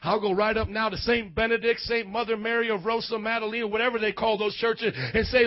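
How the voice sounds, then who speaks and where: A man, a youth pastor preaching a fiery sermon to his congregation, breaking into shouted, sing-song outbursts. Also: high-pitched, flat delivery, fast talker, few pauses, muffled recording. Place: church hall before a youth congregation.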